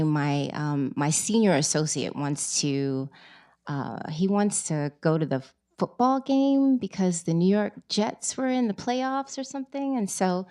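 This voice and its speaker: Animated woman telling a story. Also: low-pitched. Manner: lively storytelling, animated quoting. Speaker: author. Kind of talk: book reading and conversation. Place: bookstore event.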